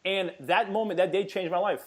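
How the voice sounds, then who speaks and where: A man in his forties telling a story as a podcast guest in an energetic, emphatic way, often repeating words. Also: sits high, brisk. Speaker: podcast guest, fitness entrepreneur. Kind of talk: casual storytelling interview.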